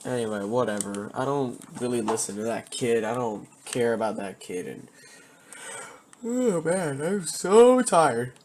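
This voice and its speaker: A man talks straight to camera about his past, meandering and cursing freely, doubling back whenever he loses his thread. His pitch sits in an ordinary middle range. A faint hiss of noise runs under the voice. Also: expressive, a little slow, darkish tone. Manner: profane, meandering, keeps losing his thread. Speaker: vlogger telling personal stories. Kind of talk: rambling casual storytelling.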